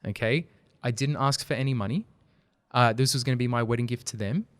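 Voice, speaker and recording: A man's voice: medium pitch, brisk, smooth, no room sound. A man, a podcast guest, talking earnestly in a casual interview and telling stories. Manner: earnest, storytelling, animated when making a point. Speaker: podcast guest, video company founder.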